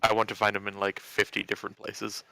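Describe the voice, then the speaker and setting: A man's voice: lowish voice, monotone, fast, vocal fry, sharp tone, dry recording, rough recording. A man playing a tabletop game, casually describing his character in the third person. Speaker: player. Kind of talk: tabletop role-play.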